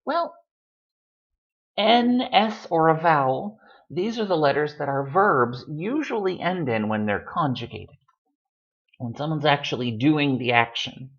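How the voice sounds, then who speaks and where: A man's voice: a little high, animated, a little slow, muffled recording. A man teaching Spanish pronunciation, explaining rules in a patient, chatty way with casual fillers.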